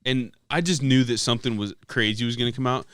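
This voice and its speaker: A man's voice: medium pitch, quick pace, fairly bright tone, smooth, dry recording. A young man co-hosting a podcast, telling stories in a laid-back, swearing casual chat. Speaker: podcast co-host.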